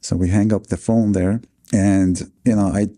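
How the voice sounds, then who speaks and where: Brief: New man, forties, interview guest telling his story; low, dark, mellow voice, dry close sound, earnest and halting. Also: steady tone, no echo. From New York City, USA. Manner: earnest, with many fillers and restarts.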